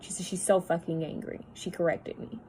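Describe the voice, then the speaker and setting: A woman psychic medium talking at home, relaying messages in a halting, repetitive way that often drops to a hushed voice. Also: fairly low pitch, steady tone, a little hiss or hum, rough recording. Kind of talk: spirit-channeling video monologue.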